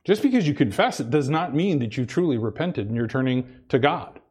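A man's voice: mid-range voice, very animated, a little fast, darkish tone, husky. A man preaching a sermon, earnest, repeating himself and restarting phrases as he presses his point. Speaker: pastor.

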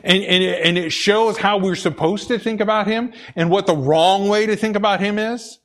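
A man's voice: high voice, normal speed, a bit bright. A man preaching a sermon, repeating key phrases for emphasis and often stumbling and restarting. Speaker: pastor.

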